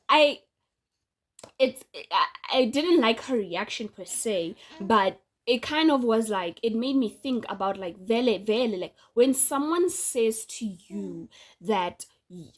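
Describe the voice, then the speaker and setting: A woman vlogging in a relaxed, opinionated way, speaking directly to her audience. Her voice sits a little on the high side. She laughs often between her points. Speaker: vlogger and podcaster. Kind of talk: casual direct-to-camera monologue.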